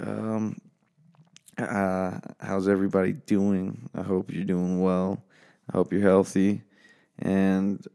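Low gravelly man, quiet late-night ramble. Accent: American. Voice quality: rough, low voice. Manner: talking low and quiet, laid-back and rambling, swears often. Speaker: podcast host. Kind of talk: casual late-night solo podcast. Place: home office at night.

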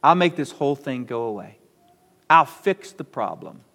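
A man voicing a condescending, scornful queen in a low mocking tone during a sermon. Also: animated, moderate pace, a bit bright, long reverb tail.

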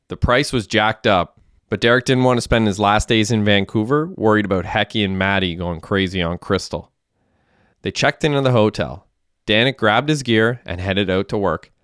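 A man narrating an audiobook with steady, plain delivery. His voice is low and smooth, recorded close and dry with no room sound. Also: no room sound. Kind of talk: audiobook reading.

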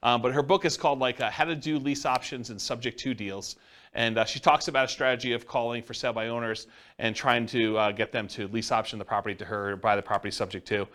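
A man in middle age talks fast through a live class in a meeting room. His delivery is casual and rambling, full of asides and fillers, with a pitch that sits in an ordinary middle range. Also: fairly even intonation, fairly bright tone. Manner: casual, rambling, self-described introvert. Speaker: real estate investing instructor. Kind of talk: classroom lecture.

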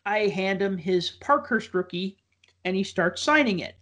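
A man's voice: sits high, lively intonation, a little slow, bright, forceful tone. Rambling man telling a story. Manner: rambling, filler-heavy with many likes and ums. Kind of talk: casual storytelling chat.

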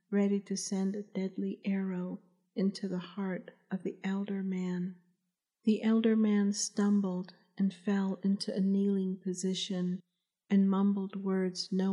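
A woman, the author, reading her novel aloud as calm, measured audiobook narration. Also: medium pitch.

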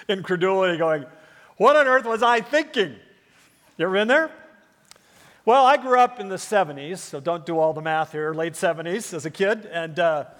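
A man in his fifties delivers a Sunday sermon with a noticeably high voice for a man. He talks emphatically, leaning on rhetorical questions and scattered "uh" fillers. His voice rings out with a long reverb across a large church sanctuary. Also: a bit bright. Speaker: pastor.

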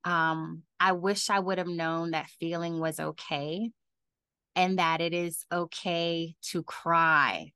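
A woman author answering podcast interview questions, talking animatedly and laughing often, her voice leaping up when she gets excited. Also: on the low side, a little slow, clear, resonant tone, no room sound. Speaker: author and guest.

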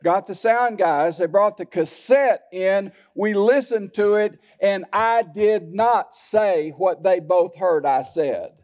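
A man's voice: high voice, slow pace, hardly any pauses, darkish tone. A male pastor preaching a sermon, telling personal stories in a folksy way and turning often to the congregation. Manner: folksy storytelling with asides to the congregation. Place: church sanctuary. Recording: dull lo-fi church sermon recording.

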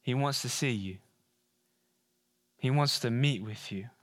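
A male pastor preaching a sermon, retelling the story in a casual, animated way with playful asides. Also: mid-range voice, measured pace.

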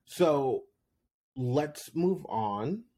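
A man hosting his own reality TV recap podcast, chatting casually and expressively, with frequent laughs and his voice jumping up when he gets excited. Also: on the high side, very slow.

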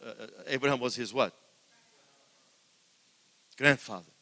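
An older man preaching a sermon in a church, swinging between loud exclamations and quiet asides, repeating words for emphasis. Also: mid-range voice, measured pace, in a large hall.

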